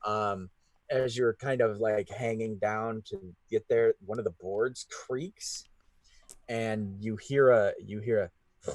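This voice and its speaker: Low-voiced, slow game master man. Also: fairly even intonation, dry recording. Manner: halting, full of fillers and restarts. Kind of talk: narrating a tabletop game.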